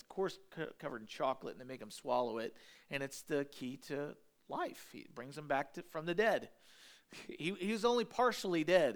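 A male pastor preaching a sermon in an animated, conversational way, with emphatic asides to the congregation. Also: medium pitch.

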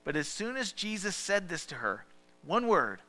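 Man, pastor, sermon, fairly high bright voice, conversational, asks questions, hushed at times. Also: sing-song, moderate pace.

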